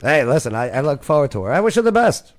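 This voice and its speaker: A man's voice: on the high side, very animated, fast talker. A man hosting a casual reaction chat, joking and rambling with laughs and restarts. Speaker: host.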